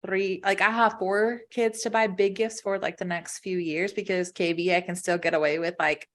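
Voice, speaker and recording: Woman, 30s, podcast co-host, casual chat, rambling, fairly low voice. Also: steady tone, normal speed. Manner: rambling, heavy use of "like".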